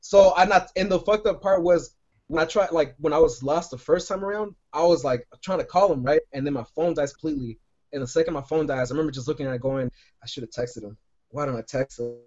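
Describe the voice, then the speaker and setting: A man's voice: on the high side, fast, a little mellow. Rambling, profane young-sounding man. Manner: rambling, profane, lots of "like" and "right?". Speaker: podcast co-host. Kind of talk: casual storytelling. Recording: dull lo-fi sound.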